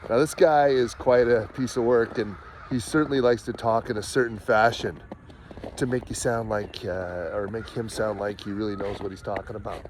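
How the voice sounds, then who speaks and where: Low-voiced sarcastic man. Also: steady tone, moderate pace, noisy background. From Canada. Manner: mocking, sarcastic, chuckling asides. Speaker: vlogger. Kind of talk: sarcastic walking vlog commentary. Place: outdoors in woods, walking.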